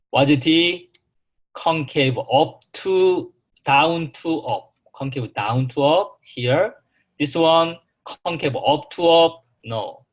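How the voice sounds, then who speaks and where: Male calculus instructor, unhurried and halting, mid-pitched, checks in with students often. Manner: slow, repetitive, halting, asks the class questions. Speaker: math instructor. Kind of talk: classroom calculus lecture.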